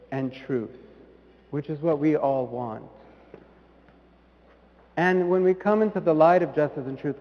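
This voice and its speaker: A priest giving a sermon in an earnest way, rising to emphatic peaks and then dropping soft. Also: male voice, a little high, big-room sound, dull audio. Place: church.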